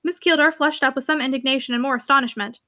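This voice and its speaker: Young woman, high voice, reads a novel aloud and chats eagerly about it. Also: fairly even intonation, quick pace, pushed and bright, dry recording, clean studio sound. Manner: eager, chatty, many fillers in commentary. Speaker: audiobook reader and book commentator. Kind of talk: reading a novel aloud, then casual commentary.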